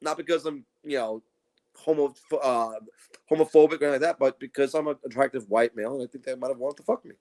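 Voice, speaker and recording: A man's voice: mid-range voice, quick pace. A man co-hosting a podcast, telling crude stories in casual chat, swearing freely and mimicking the people he quotes. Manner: profane, animated storytelling with mocking quoted voices. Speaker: podcast co-host.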